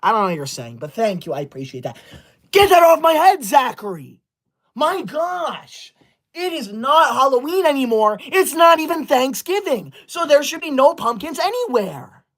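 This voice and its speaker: A man voicing a prissy, self-righteous schoolboy livestreamer and teacher's pet, scolding and banning his viewers with quick outrage in a comedy sketch. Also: extremely high pitch, very animated, fairly bright tone, exaggerated voice. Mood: indignant scolding. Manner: indignant, scolding, easily outraged.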